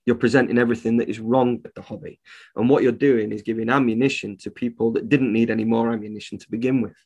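A man's voice: medium pitch, fairly even intonation, fast talker, a little mellow. A man, a reptile shop owner, talking bluntly and indignantly as a podcast guest and swearing freely. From United Kingdom. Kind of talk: casual podcast conversation.

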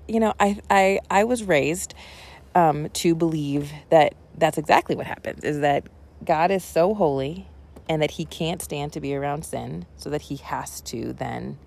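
A woman pastor with a low, gravelly voice talks through her sermon afterward. She rambles conversationally, full of small fillers and side remarks, thinking aloud rather than preaching. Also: darkish tone. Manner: rambling and conversational, with frequent ums and asides. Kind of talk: casual spoken reflection on a sermon.

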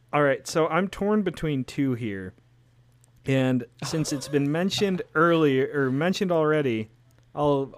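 A man hosting a casual podcast chat, joking and laughing often as he makes his picks. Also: medium pitch. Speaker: podcast host.

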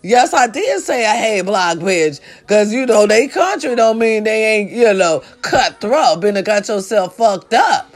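A woman, telling comic family stories in a profane, animated way, swinging from hushed sincerity to loud shouting. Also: medium pitch, measured pace, few pauses. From American South. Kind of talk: casual comedic storytelling monologue.

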